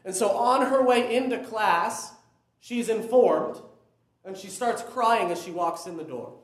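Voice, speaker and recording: A man's voice: high-pitched, a little slow, echoey room. A young man preaching a conversational sermon that builds to emphatic peaks. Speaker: pastor.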